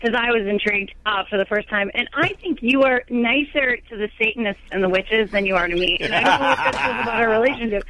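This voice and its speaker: A woman in her thirties, a comedian guest telling sarcastic, rapid comic stories on a radio show. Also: on the high side, a bit bright, low-quality recording.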